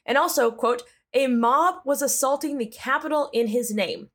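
A woman's voice: high voice, normal speed, a bit bright. A woman hosting a solo news podcast, sarcastic and exasperated, breaking into jokey asides as she rants about politics. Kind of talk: comedic solo news commentary.

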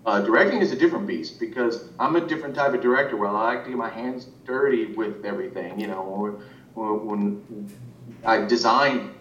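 In a casual interview, a man who works as an animation director rambles, often restarting and using fillers. His voice is a bit bright and fairly quick, picked up off-mic from a distance, so it sounds roomy and muffled with a faint rumble.

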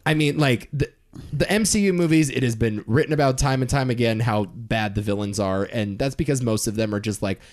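A man's voice: medium pitch, brisk. A young man co-hosting a casual movie podcast, arguing his points emphatically and swearing freely. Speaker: podcast co-host. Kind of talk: casual movie-ranking chat.

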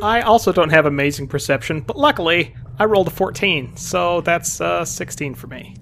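A man's voice: a little high, expressive, normal speed, vocal fry, fairly bright tone, slight background noise. A man playing in a tabletop game, bantering and joking with the group. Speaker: player. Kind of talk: casual tabletop game chat.

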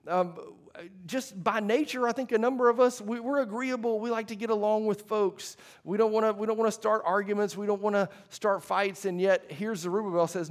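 A man's voice: high voice, fairly even intonation, a little fast. A man preaching a sermon to a congregation, talking in a conversational way with restarts and asides. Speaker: pastor. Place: church hall before a congregation.

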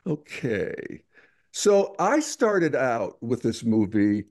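A man's voice: medium pitch, sing-song, slow, darkish tone. A man hosting a casual film discussion, talking in a rambling, hesitant way with many restarts. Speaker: podcast host.

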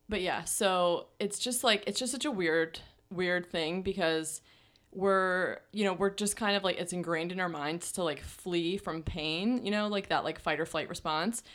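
A young woman with a slightly low voice tells a long personal story in a relaxed conversational way. Her speech runs loose and chatty, packed with "like" and "you know", and laughs often break in. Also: normal speed. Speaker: podcast co-host. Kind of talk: casual storytelling chat.

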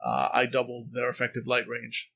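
A man's voice: medium pitch, big pitch swings, normal speed, gravelly, a bit bright. A man playing in a tabletop game, chatting casually and explaining his character's powers. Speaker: player.

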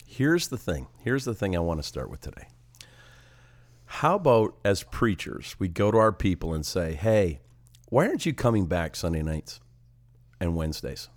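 In a casual chat on the ministry podcast he co-hosts, an older evangelist talks at a normal speed with a low-sitting voice. His nose is a little congested, and he keeps raising rhetorical questions with animation.

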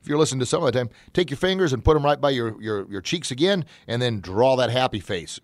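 Folksy guy doing a pumped-up motivational monologue, mid-pitch voice, dry close sound. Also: a little fast, dry recording. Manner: energetic, folksy, bursts into excited shouts when acting out examples. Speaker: motivational show host.

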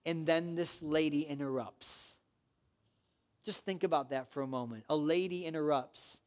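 A man's voice: a little high, normal speed. A man preaching a sermon, retelling a story and urging his listeners on in an earnest, exhortative way. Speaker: pastor.

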